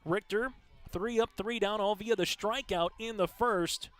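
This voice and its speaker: A man calling live high school softball play-by-play in a steady, conversational way, filling pauses with stats and lineup notes. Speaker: play-by-play announcer. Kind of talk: live sports commentary.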